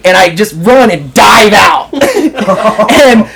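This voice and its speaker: A man's voice: sits high, very animated, takes it slowly, gravelly, a bit bright. Rambling, laughing young American man. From United States. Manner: rambling, filler-heavy, laughs through stories. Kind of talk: casual chat, storytelling.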